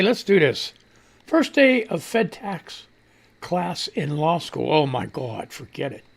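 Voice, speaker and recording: A man from Missouri with a high-pitched, fairly bright voice hosts a live radio show casually and ramblingly. He reads out social media posts, laughs often, and swears freely.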